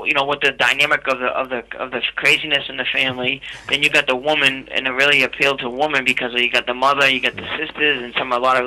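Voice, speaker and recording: A man talking casually as a guest over a phone line, halting and repeating words as he goes. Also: medium pitch, sharp tone.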